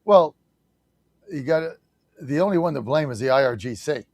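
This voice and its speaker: A male talk radio host with a fairly high voice delivers blunt, fired-up opinion and doesn't mind salty language. The sound is dry and close to the mic. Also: expressive, normal speed, no echo.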